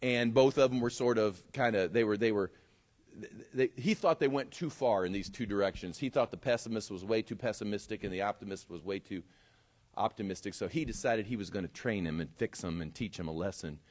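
A man preaching a sermon as pastor and telling a story, swinging from loud emphasis to quiet asides. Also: lowish voice, a little fast.

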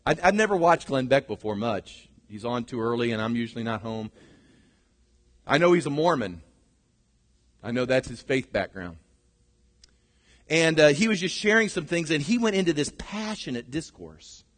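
A middle-aged male pastor preaching a sermon, swinging from shouted lines to hushed ones. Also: mid-range voice, lively intonation, normal speed, long pauses. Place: church sanctuary. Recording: long reverb of a large hall.

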